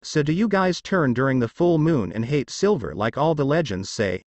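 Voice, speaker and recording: Man as an eager young ninja girl, questioning, lively pitch. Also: moderate pace, no echo. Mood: curious. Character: shy girl ninja, startled then curious.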